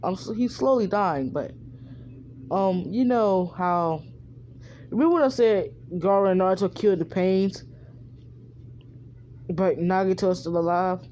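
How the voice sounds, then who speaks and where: A fading older ninja mentor, as a fan narrator puts him on, halting and hesitant as he explains himself. The tone is dark and mellow. It comes through a dull lo-fi recording. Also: mid-range voice, slight background noise, lightly acted.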